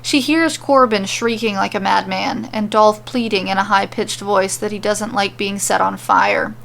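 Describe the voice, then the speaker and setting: Gravelly-voiced woman reading a story. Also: medium pitch, fairly even intonation, unhurried, a bit bright. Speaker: podcast storyteller. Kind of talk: reading fan fiction aloud.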